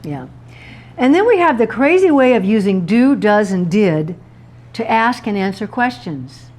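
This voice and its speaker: A woman's voice: mid-range voice, animated, moderate pace, darkish tone. Playful woman giving an author talk. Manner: playful, laughs at her own wordplay. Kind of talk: author talk to a live audience.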